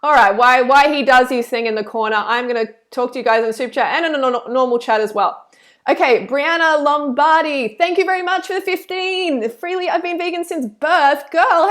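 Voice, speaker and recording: Woman live streamer, high voice, gushing thanks to donors then preaching earnestly. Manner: effusive, chatty, thanks donors warmly; earnest and preachy when campaigning. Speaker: live stream host reading super chats.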